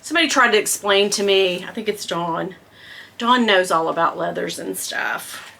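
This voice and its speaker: Gushing and excitable, a middle-aged woman vlogger chats casually through an unboxing, calling her viewers "girl" and slipping into whispered asides. Her mid-range voice is creaky and moves at a normal speed.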